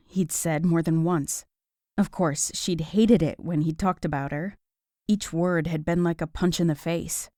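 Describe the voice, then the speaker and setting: A woman narrating a romance audiobook in a measured, even storytelling voice. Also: deep voice, dry recording, clean studio sound.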